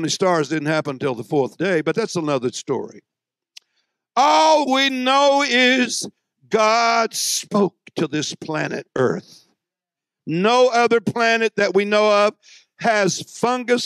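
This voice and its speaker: A visiting preacher delivers a fiery, emphatic, folksy sermon, drawing out phrases that swing between loud and hushed and making joking asides to the congregation. His voice is a little high with vocal fry, and there is no echo.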